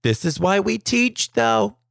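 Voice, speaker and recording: A young adult man hosting a podcast, telling comedic stories in an animated way and jumping into high voices when he quotes kids. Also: slow pace, vocal fry, no room sound, clean studio sound. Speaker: podcast host. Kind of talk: comedic storytelling monologue.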